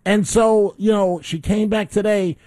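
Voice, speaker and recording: Male talk radio host, high voice, dry close studio mic, animated storyteller. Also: unhurried, dry recording. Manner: animated storytelling, acts out his own shouts. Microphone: studio microphone.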